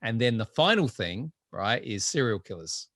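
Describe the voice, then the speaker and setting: A man from Adelaide whose Australian accent has been mixed by twenty years in the UK, chatting as a guest on an interview podcast in a lively way and laughing easily. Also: mid-range voice, normal speed, no room sound, studio quality. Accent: Australian, mixed after twenty years in the UK. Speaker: guest entrepreneur. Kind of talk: interview conversation.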